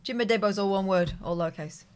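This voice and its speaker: A woman's voice: mid-range voice, fast, a little mellow, clean tone. A woman co-hosting a phone-in show in casual chat, with dry, teasing asides. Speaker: co-host.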